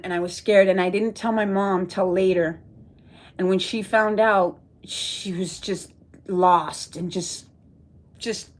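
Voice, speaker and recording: A woman from Texas talking to viewers on a livestream, rambling and emotional, reading and answering the chat as she goes. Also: medium pitch. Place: at home.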